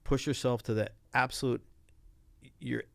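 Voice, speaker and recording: Older male guest, gravelly and low, storyteller who acts out quoted voices, dry close mic. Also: fairly even intonation, unhurried, fairly bright tone, dry recording. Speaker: guest, retired Navy pilot. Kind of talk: casual interview storytelling.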